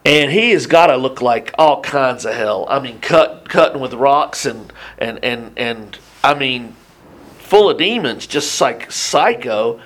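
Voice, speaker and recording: A man preaching a Bible teaching in an animated, conversational way, often restarting his sentences and adding asides. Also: medium pitch, measured pace. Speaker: pastor.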